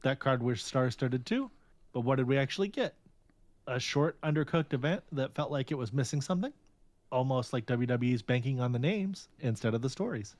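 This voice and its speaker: A man's voice: mid-range voice, animated, brisk, darkish tone, dry recording. Man in casual podcast chat, dry sound. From United States. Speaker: podcast co-host.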